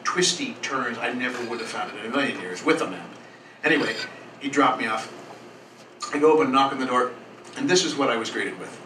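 A man's voice: medium pitch, a little fast, pushed and bright. A man telling a personal story live in a café, in an earnest, rambling way with small restarts. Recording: roomy, distant, noisy live café.

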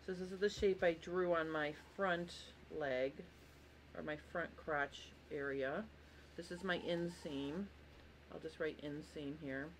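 A woman's voice: low-pitched, steady tone, unhurried, slight background noise. A woman hosting a live sewing tutorial, chatty and apologetic as she walks viewers through tracing a pattern and greets them by name. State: tired, yawning. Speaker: sewing instructor and host.

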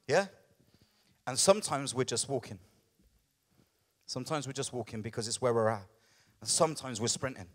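A man preaching a sermon as lead pastor, conversational and animated, often checking in with the congregation. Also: medium pitch, normal speed, pauses often.

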